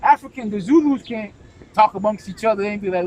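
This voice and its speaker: A man's voice: high-pitched, expressive, fairly quick, a little mellow, a little hiss or hum, rough recording. A man preaching during a scripture discussion, emphatic, often asking "right?" and tagging "man" onto his lines. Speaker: religious teacher.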